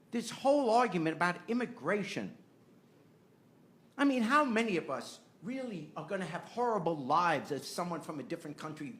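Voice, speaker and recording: A man's voice: high-pitched, a bit bright. An older man, a podcast host, telling a personal family story and growing impassioned as he argues his point. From United States. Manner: earnest, rising to impassioned.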